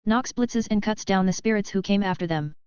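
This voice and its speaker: A woman narrates a fantasy web novel in a steady, scripted reading. Her voice is smooth and clear, and the dry recording sounds slightly dull and lo-fi. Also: mid-range voice, brisk, no room sound. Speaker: audiobook narrator.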